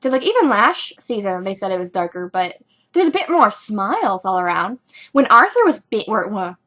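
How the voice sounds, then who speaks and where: A young woman talking casually as a fan reviewing a TV episode, rambling and excitable with lots of ums and likes. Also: medium pitch, moderate pace. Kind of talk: casual fan reaction commentary.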